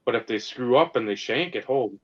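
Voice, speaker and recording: A man's voice: medium pitch, a little fast. A man co-hosting a podcast, talking casually and ranting with plenty of swearing. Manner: animated, profane ranting. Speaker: podcast co-host. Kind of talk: casual sports and hobby chat. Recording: slightly dull lo-fi sound.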